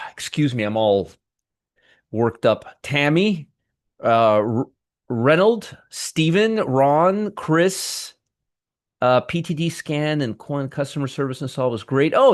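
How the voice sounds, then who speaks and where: A middle-aged man chats loosely through a livestream, running down his viewers' names one after another and often restarting his sentences. The sound is close and dry, with no room around it. His voice sits at an ordinary male pitch. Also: expressive, measured pace, no echo. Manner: rambling, greets viewers by name, many restarts. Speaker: trading show host. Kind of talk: casual livestream chat.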